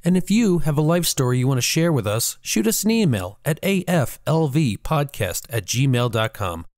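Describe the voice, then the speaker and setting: A man hosting a podcast, giving the closing thanks and spelling out the contact address slowly and clearly. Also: mid-range voice, very animated, a little mellow, no room sound, studio quality. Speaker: podcast host. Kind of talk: show outro.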